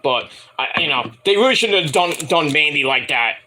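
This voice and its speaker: Male wrestling reviewer, high bright voice, swings all over, rambling and foul-mouthed. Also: expressive, moderate pace, slight background noise. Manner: profane, rambling, mocking voices in quotes. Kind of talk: casual ranting review.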